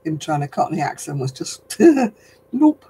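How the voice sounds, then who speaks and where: A man's voice: a little high, very animated, unhurried, warm tone, a little hiss or hum, rough recording. An older man hosting a casual livestream chat, talking in a rambling, chatty way and laughing often. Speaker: host.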